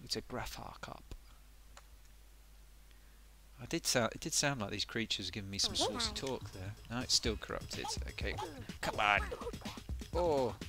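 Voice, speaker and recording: Game music plays as a man streams live, his medium-pitched voice swinging widely in pitch at a normal speed. He rambles through casual, self-mocking commentary and slips into silly voices.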